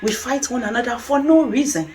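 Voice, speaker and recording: A woman's voice: on the high side, fairly quick, a little mellow, faint music behind. A middle-aged woman from Nigeria with a Nigerian accent, talking candidly in a casual video monologue, laughing often. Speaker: vlogger.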